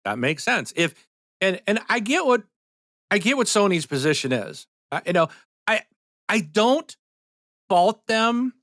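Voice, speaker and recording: A man's voice: high voice, sing-song, a little slow, long pauses, a bit bright, no echo, studio quality. A man co-hosting a gaming podcast, ranting in a heated, indignant way during a casual chat. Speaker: podcast co-host.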